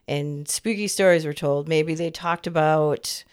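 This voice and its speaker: A woman's voice: low-pitched, steady tone, moderate pace, hardly any pauses, a little mellow, clean tone. A woman in her fifties co-hosting a podcast, chatting in a rambling, easygoing way and laughing often. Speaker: podcast co-host. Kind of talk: casual chat.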